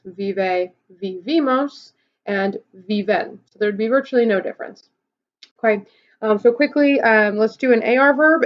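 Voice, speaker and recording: A woman's voice: medium pitch, highs cut off. A woman Spanish teacher explaining verb forms step by step in a recorded lesson, patient, with frequent "okay" and "um". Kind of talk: recorded classroom lesson video.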